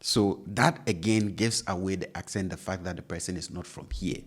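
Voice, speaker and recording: In an online lesson, a man with a Ghanaian English accent who natively speaks Twi teaches pronunciation with patience, repeating every sound. He talks at normal speed in a low-pitched voice with a breathy edge.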